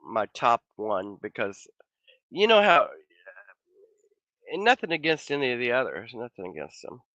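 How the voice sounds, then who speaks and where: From a home office, a male livestream host chats casually with viewers in a bright, sharp-edged, medium-pitched voice that's slightly hoarse, as though he's losing it. He's very animated yet easygoing, rambling at a moderate pace and often trailing off and restarting. The sound is dry, a bit dull and echo-free, like a modest home setup.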